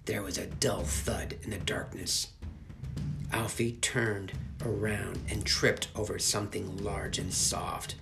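A man narrating a children's fantasy novel as an audiobook, expressive and measured. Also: on the low side, creaky. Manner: expressive, slow storytelling. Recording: soft music underneath.

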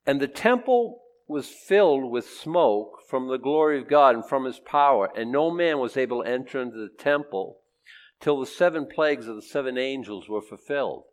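A man's voice: mid-range voice, lively intonation, moderate pace. A man teaching a Bible sermon in a chatty way, asking and answering his own questions and acting out the quoted lines. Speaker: preacher.

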